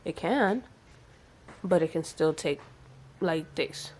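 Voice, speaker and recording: A young woman talking straight to her camera in a casual vlog. Her voice sits a little low for a woman. She chats excitably and fills her talk with likes and you-knows. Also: slow, husky. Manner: chatty, filler-heavy, excitable. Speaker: vlogger.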